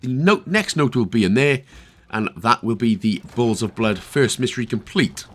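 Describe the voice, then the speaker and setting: A man's voice: mid-range voice, animated, normal speed, a bit bright. A man with a Northern Irish accent talking through a video game walkthrough, chatty and full of jokey asides. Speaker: video game guide creator. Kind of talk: casual gameplay walkthrough commentary.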